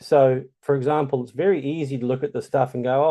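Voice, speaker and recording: A man's voice: medium pitch, steady tone, fairly quick, dark tone. A man with a New Zealand accent giving a chatty, casual tutorial with lots of ums. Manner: chatty, loose, many ums. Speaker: tutorial host. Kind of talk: casual screen-share tutorial.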